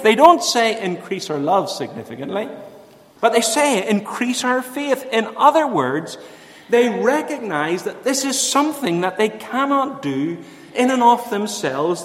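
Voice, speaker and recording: A man preaching a sermon in an earnest way. He lifts his voice for emphasis and then drops to a hushed voice to tell a story. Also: high voice, sing-song, unhurried. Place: church. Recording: echoey church hall.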